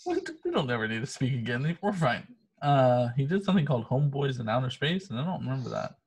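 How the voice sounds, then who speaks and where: A man's voice: mid-range voice, sing-song, quick pace, slightly rough. A man co-hosting a podcast, chatting casually and profanely about a movie, laughing and telling stories with animation. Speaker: podcast co-host. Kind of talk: casual chat reviewing a movie.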